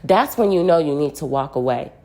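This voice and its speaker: Lower-voiced woman vlogger, emphatic and preachy, lecturing women on relationships. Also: lively intonation, fairly quick, dark tone. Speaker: vlogger giving relationship advice. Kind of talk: casual commentary.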